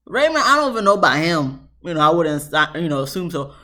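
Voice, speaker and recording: Woman, casual show review, lively swooping pitch, lots of fillers. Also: fast. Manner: chatty, animated, lots of "you know" fillers.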